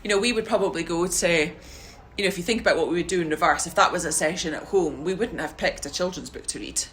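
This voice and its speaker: Chatty Scottish woman, lower voice. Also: quick pace, a bit bright, slight background noise. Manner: chatty, lots of "you know" and "yeah". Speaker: community learning worker. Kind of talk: casual group reflection.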